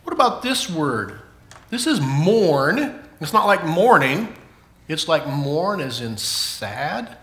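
A man leading a children's sermon in church, playful and animated, asking the kids questions. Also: on the high side, takes it slowly, reverberant. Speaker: children's pastor.

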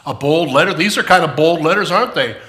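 A man leading a children's sermon in church, playful and animated, asking the kids questions. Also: on the high side, fast talker, echoey room. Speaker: children's pastor.

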